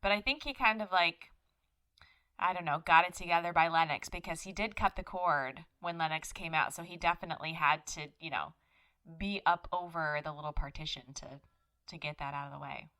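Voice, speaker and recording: A woman co-hosting a podcast in easygoing, casual chat. Her voice has a bright, forward tone. She tells her own stories plainly and gives short replies while the other host talks. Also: deep voice, brisk, smooth. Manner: easygoing listener, laughs often, short replies.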